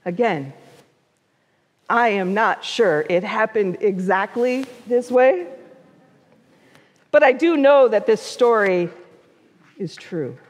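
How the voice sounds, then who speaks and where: A woman pastor tells a story from the pulpit in a high, slow, unhurried voice. She gives the quoted figures small voices of their own. The sound rings with the long reverb of a church sanctuary. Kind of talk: storytelling sermon.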